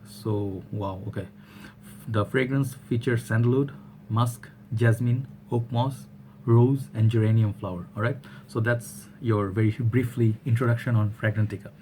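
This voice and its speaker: A man reviewing a perfume in a relaxed, rambling way, tagging his sentences with "all right?". His voice sits fairly low and mellow, and it stays steady and even in pitch. A faint hum of noise sits behind him. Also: a little slow. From Bangladesh. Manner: chatty and rambling, often checks in with "all right?". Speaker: fragrance reviewer. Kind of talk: casual product review vlog.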